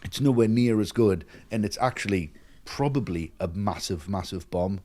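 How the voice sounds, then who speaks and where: A man's voice: fairly low pitch, normal speed, mellow. A man co-hosting a film podcast, talking in an effusive, gushing way in casual chat. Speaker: podcast co-host.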